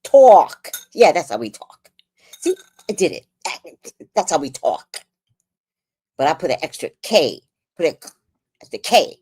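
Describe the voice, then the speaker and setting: Chatting bluntly on her live stream, a New York-accented woman swears freely and laughs a lot during casual commentary. Her low, slightly rough, darkish voice swings widely in pitch, unhurried and with frequent pauses. The recording is dry.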